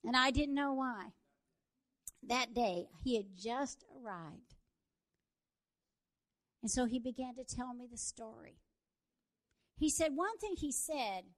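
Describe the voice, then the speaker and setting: A woman preaching a sermon, telling a story and building to fervent shouts. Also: sits high, expressive, takes it slowly, long pauses.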